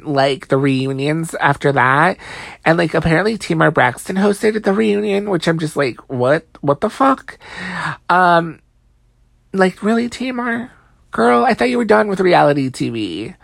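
Tired, gravelly-voiced woman gossiping. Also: low voice, dry recording. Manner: chatty, profane, heavy use of "like", sassy asides. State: tired, late at night. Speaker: reality TV recap vlogger. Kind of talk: casual gossipy recap.

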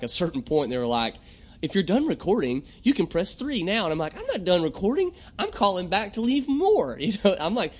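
A young adult man hosting a podcast, talking in a rambling, jokey monologue and often clearing his throat. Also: on the high side. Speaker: podcast host. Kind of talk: casual comedic monologue.

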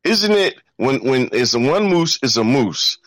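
A man's voice: mid-range voice, big pitch swings, a little slow, fairly bright tone, dry recording. A man co-hosting a casual gaming chat, joking and teasing in a laid-back way.

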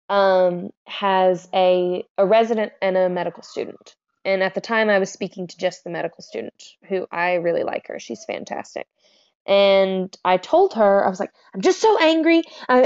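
A woman's voice: medium pitch, darkish tone, lo-fi sound. A young adult woman talking candidly to her viewers in a chatty, frank way, full of fillers and asides. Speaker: vlogger. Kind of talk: candid personal talk to camera.

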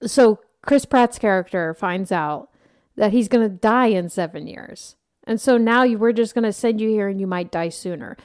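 A woman co-hosting a casual movie review chat, chatty and quick to giggle, steering the talk with questions. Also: medium pitch, a little mellow. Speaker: podcast co-host.

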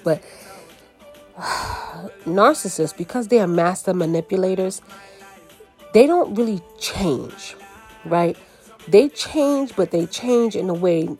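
A woman giving a casual, chatty podcast card reading, talking in an animated way and often checking in with "right?" and "you know". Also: on the low side. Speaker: tarot card reader.

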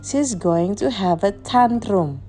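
A smug, teasing big brother from a children's storybook, as a woman reads his lines. He needles his little sister in a lively, unhurried voice. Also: medium pitch, soft background music.

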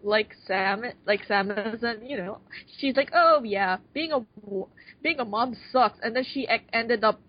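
A young woman in casual chat, blunt and profane, mocking the characters she talks about. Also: medium pitch. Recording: dull lo-fi sound.

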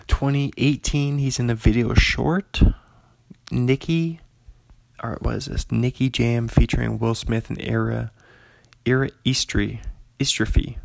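A young man chats casually through a list of films, wandering off on tangents and reading the listings aloud. His voice is gravelly, at an average pitch for a man. The sound is dry and close. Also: fairly even intonation, takes it slowly, darkish tone, no echo. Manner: chatty, digressive, laughs often, reads listings aloud. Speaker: commentator reviewing an actor's films. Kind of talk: casual rambling commentary.

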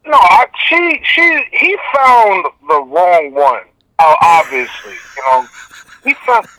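A man's voice: high-pitched, sing-song, takes it slowly, pushed and bright, no echo, rough recording. A man calling in as a podcast guest in casual chat, blunt and emphatic, swearing heavily and repeating himself.

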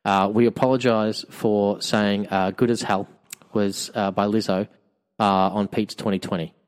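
A man's voice: on the low side, steady tone, moderate pace. Rambling man co-hosting. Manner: rambling, jokey, repeats himself. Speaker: podcast co-host. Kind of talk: casual chat.

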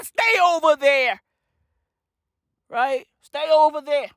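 Brief: woman, high and lively pitch, slow rambling comedic rant, dry close sound. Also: dry recording. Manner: rambling, tags lines with "right?" and "bruv". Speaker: comic ranter. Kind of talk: profane comedic monologue.

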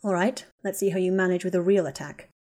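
A woman's voice: on the low side, fast, a little mellow, natural voice. A woman reading the lines of a guarded, bitter young wizard man in a storybook, speaking in terse, clipped lines. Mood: cold, curt.

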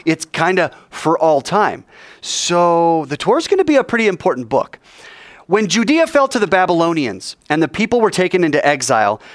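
Lively man teaching a Bible class, playful and expressive, recorded dry and close. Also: a little high, dry recording. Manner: lively, playful, joking with students.

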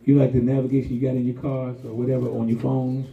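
An older man preaching a sermon in a colloquial, animated style with sudden high-pitched exclamations. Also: fast, creaky. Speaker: pastor. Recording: echoey, distant, dull sound.

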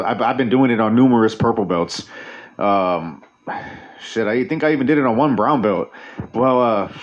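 A man hosting a show in a casual, rambling monologue, swearing constantly and restarting his sentences. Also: mid-range voice. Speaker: radio show host. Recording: dull lo-fi recording.

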